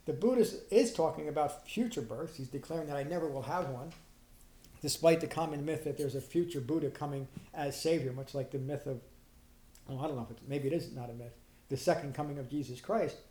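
A man's voice: on the high side, brisk, mellow. A middle-aged man giving an earnest dharma talk as a Buddhist teacher, often restarting his sentences and leaning hard on key points. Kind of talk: dharma talk explaining a sutta. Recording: roomy echo.

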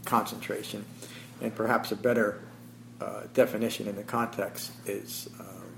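A man teaching meditation, giving a Buddhist dharma talk to a small class. He thinks aloud with pauses and pokes fun at his own habits. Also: lowish voice, flat delivery, creaky, a little hiss or hum, low-quality recording. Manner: self-deprecating, chuckling about his habits.

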